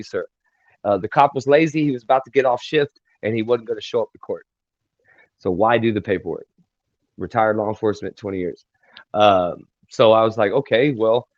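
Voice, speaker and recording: A man speaks as an interview guest, telling his story in loose, halting bursts full of fillers. The sound is muffled and lo-fi, with no room echo. His pitch sits mid-range for a man. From Texas. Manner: rambling, halting, many fillers and restarts. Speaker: guest singer-songwriter. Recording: dry, dull lo-fi sound.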